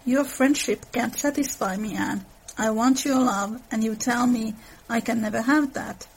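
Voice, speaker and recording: A woman reading aloud the lines of an earnest young man who proposes and is hurt, in her husky voice. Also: on the high side, unhurried, rough recording. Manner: read aloud from a novel.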